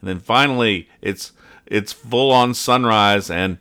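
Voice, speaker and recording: A man's voice: on the low side, unhurried, sharp tone, clean tone. A man hosting a comedy podcast, reading comic strips aloud and joking, trailing off and putting on silly voices. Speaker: podcast host.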